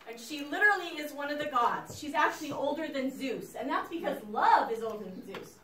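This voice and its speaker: A woman teacher lecturing her class in an animated, chatty way, speaking straight to the students. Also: sits high, brisk, slight background noise. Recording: echoey classroom, mic far off.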